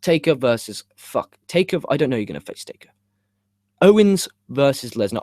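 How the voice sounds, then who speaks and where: Young male streamer, middle pitch, agitated rambling, dry sound. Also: big pitch swings, moderate pace, a little mellow, no room sound. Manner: frustrated, swearing, rambling with stammers. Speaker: live show host. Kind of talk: live stream chat about wrestling. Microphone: cheap USB microphone.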